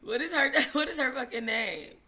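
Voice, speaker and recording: A woman hosting a gossip live stream, talking casually and animatedly, swinging between loud gushing and low asides. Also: expressive, moderate pace. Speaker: gossip channel host.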